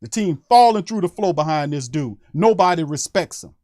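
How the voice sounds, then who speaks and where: A man's voice: a little high, lively intonation, normal speed, darkish tone, no room sound, clean studio sound. A man who hosts a sports podcast, delivering a heated, profane fan rant on a live stream and hammering his points over and over.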